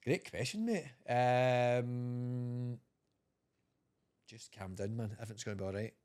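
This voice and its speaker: Scottish male podcast guest, easygoing, salty language, mid-pitched voice. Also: measured pace, darkish tone, smooth. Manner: laid-back, swears freely, laughs often. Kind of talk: casual chat.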